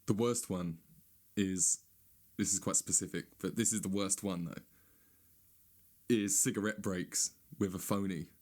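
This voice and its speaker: A man's voice: steady tone, unhurried, long pauses, darkish tone. Sweary man in a sarcastic rant. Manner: sweary, sarcastic, mocks others in high whiny voices. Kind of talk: ranting stand-up monologue.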